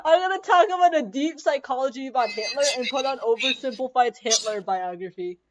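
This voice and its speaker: A woman's voice: high-pitched, lively intonation, fairly quick, poor audio. A young woman hosting a casual chat, telling rambling stories full of fillers and laughing often. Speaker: podcast host.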